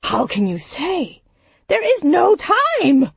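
A woman's voice: a little high, lively intonation, normal speed, darkish tone, dry recording, voice pushed up. A woman voicing a blunt, urgent village man. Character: blunt, angry village man urging defense.

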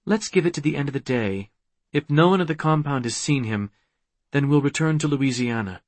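A man voicing a spirited young woman heroine, his voice lifted higher and brisk. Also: animated, no echo, natural voice. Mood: eager.

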